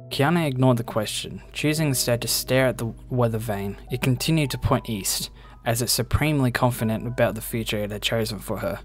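A man reading a game's story text aloud with a steady storytelling delivery. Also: mid-range voice, a little fast, few pauses, faint music behind. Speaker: reader of game story text.

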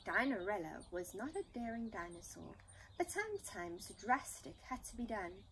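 A woman reading a children's storybook aloud in an unhurried, expressive manner. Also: mid-range voice, a little hiss or hum, poor audio. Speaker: storybook reader.

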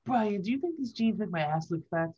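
A man putting on a snooty cartoon baby boy, raised pitch, prissy clipped delivery, muffled lo-fi sound. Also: animated, brisk, a little mellow, slight background noise.

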